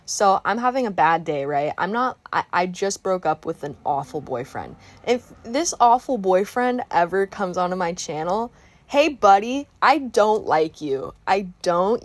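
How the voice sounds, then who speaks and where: A young woman chatting casually while painting, telling a work storytime in an animated, exclamatory rant. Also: on the low side, no room sound. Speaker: art vlogger telling a story time.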